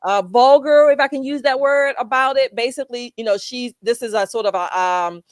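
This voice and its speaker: A woman hosting a casual political panel show, chatty and quick to laugh, calling on guests by name. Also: fairly high pitch, dry recording, clean studio sound. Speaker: show host.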